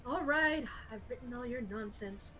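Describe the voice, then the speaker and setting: A woman's voice: fairly high pitch, normal speed, sharp tone, soft background music, low-quality recording. A woman co-player chatting casually on a stream, making dry, wry remarks. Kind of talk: casual chat on a live stream.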